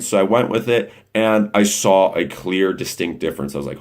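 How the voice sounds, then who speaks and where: Deep-voiced young man, rambling and blunt. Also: lively intonation, fairly quick, a little mellow. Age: young adult. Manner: rambling, blunt, swears often. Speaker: vlogger. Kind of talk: casual profane monologue.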